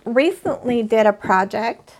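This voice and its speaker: Slow, chatty woman hosting a crochet stream. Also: fairly high pitch, lively intonation, a little mellow, a little hiss or hum. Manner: chatty, rambling, addresses live chat viewers. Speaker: crochet channel host. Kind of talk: casual live-stream chat.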